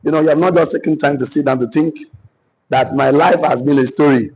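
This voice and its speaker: A man with a Nigerian accent teaching a business class, repeating each phrase slowly so listeners can write it down. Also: fairly high pitch, steady tone, a little mellow, slightly rough, rough recording. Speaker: business coach. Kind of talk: dictated teaching session.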